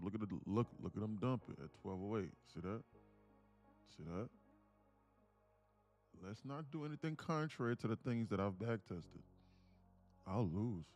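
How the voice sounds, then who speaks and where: Casual male streamer, low and gravelly, thinks out loud over his trades with mutters and excited spikes. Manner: talks to himself, muttering then excited bursts, laughs often. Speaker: day trader streaming live. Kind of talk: casual live-stream commentary.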